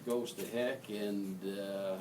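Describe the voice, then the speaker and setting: Slow, low-voiced man on a distant panel mic. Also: fairly even intonation, a little mellow. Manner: slow, measured, thoughtful. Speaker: panelist, parent of a brain injury survivor. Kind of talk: panel discussion. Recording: distant mic with clear room noise.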